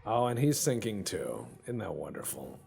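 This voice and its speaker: Over music, a man with a fairly low, creaky voice gives very animated let's-play commentary on a naval strategy game at a normal pace. Casual and sarcastic, he jokes around and now and then does goofy little voices.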